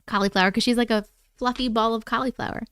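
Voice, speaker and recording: Woman host, chatty and casual on a livestream, fairly high voice, dry close sound. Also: fairly even intonation, quick pace, a bit bright, clear, resonant tone, no room sound. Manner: chatty, reads viewer comments aloud, coos at her cats. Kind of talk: casual live chat with viewers.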